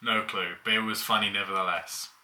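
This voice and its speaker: A man's voice: on the low side, fairly even intonation, brisk, sharp tone. A young man casually telling childhood stories, laughing as he goes. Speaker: vlogger. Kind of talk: casual storytelling.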